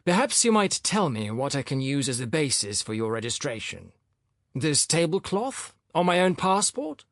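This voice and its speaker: A man's voice: a little high, big pitch swings, moderate pace, a bit bright, no echo, clean studio sound, pitched above the performer's own voice. A man doing an irritable, sarcastic old professor. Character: exasperated, sarcastic older male professor.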